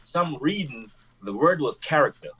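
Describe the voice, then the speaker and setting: A man's voice: a little high, moderate pace, poor audio. A man with a Jamaican accent who works as a teacher, telling stories in a casual podcast chat and laughing often. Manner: animated storyteller, laughs often.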